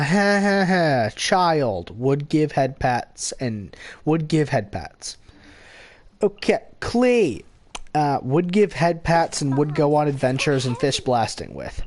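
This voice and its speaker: A man chatting casually about game characters in a slow, unhurried way. His pitch swings up and down freely. He rambles, corrects himself mid-sentence and slips in giggly asides. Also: darkish tone. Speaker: gaming channel host.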